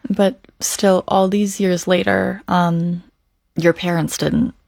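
A woman interviewing a guest, asking gentle, encouraging questions with some hesitant phrasing. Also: lowish voice, steady tone, slow pace, vocal fry, dry recording, clean studio sound.

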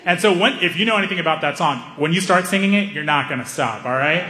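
A man doing stand-up storytelling in an animated way, often jumping into high-pitched voices for the people in his story. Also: fast talker, in a large hall. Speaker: stand-up comedian.

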